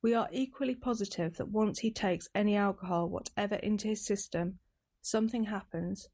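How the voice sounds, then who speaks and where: A woman from the of England, calmly reading passages aloud in a measured, deliberate way. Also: medium pitch. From East Midlands, England. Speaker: reader of daily recovery readings.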